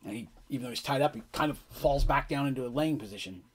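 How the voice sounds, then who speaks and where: A man narrating a tabletop game as game master in a casual, animated descriptive way. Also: mid-range voice, quick pace, slightly rough.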